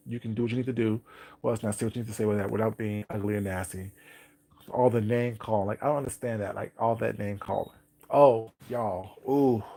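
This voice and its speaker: A man's voice: on the low side, creaky, warm tone. A man hosting a casual livestream, chatting to viewers while he eats and often laughing. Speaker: livestream host. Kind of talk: casual live chat while eating.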